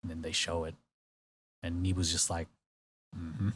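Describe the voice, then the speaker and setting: Male podcast host, slightly low voice, casual storyteller who acts out quotes. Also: completely flat delivery, normal speed, fairly bright tone, a little hiss or hum. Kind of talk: casual chat recapping a variety show.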